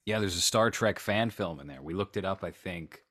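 Deep-voiced man in rambling film chat. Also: moderate pace, very noisy. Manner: rambling, joking, self-deprecating. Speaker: podcast co-host.

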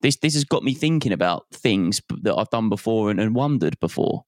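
A man's voice: fairly low pitch, animated, a little fast, darkish tone, no echo, studio quality. A man with an Essex accent co-hosting a podcast, chatting with enthusiasm and rambling restarts. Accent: British, Essex. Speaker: podcast co-host. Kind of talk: casual chat.

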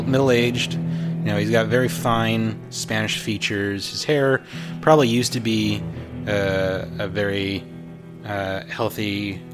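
A man narrating as game master of a tabletop role-playing game, with many pauses and fillers. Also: lowish voice.

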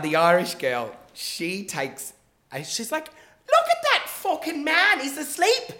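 On a podcast, a man with a slightly high voice tells a long personal story in casual conversation. He's animated, swears freely, and acts out the quotes, and the sound is reverberant.

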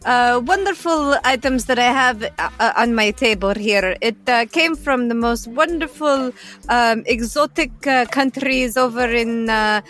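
A fake-posh market trader, as a woman puts her on, selling broken junk with grand, hesitant patter. Her voice is slightly high and slow, with faint music in the background. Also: a bit bright. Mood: pompous. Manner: pompous sales patter, many hesitations.

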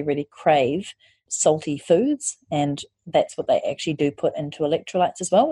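A woman's voice: deep voice, mellow, slightly rough, no room sound. A woman hosting a podcast, giving candid advice in a chatty way that includes casual swearing. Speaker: podcast host and online course creator.

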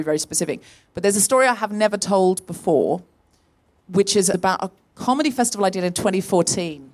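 A woman hosting a live comedy podcast on stage, telling a story with lively energy and acting out the people she quotes. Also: fairly low pitch. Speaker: podcast host. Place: on stage in a tent before a live audience.

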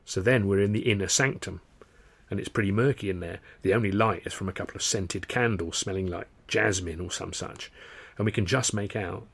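A man with a low, husky voice reads his own novel aloud, easing through the story in a conversational, anecdotal way. The delivery is relaxed and steady, like a storyteller leaning in across a table. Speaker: author reading his novel. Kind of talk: audiobook narration.

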